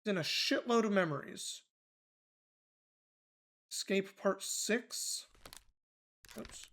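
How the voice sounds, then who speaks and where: A man's voice: sits high, slow, vocal fry, a bit bright. A man streaming a mystery game, thinking aloud in loose, casual commentary with offhand swearing.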